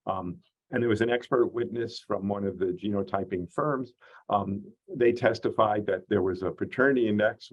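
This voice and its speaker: A man teaching an online course, explaining slowly and carefully with many "uh" and "um" fillers. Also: on the low side, darkish tone, highs cut off. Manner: measured, explanatory, frequent "uh" and "um" fillers. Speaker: course instructor. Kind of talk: online lecture.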